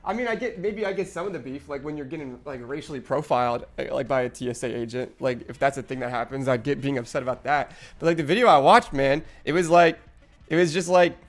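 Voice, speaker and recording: A young man streaming live, rambling in casual, profane chat with lots of restarts. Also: fairly high pitch.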